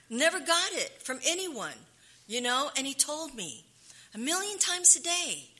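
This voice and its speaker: A woman's voice: high-pitched, bright, forceful tone. A woman sharing her recovery story at a meeting, candid and emotional, often restarting her sentences.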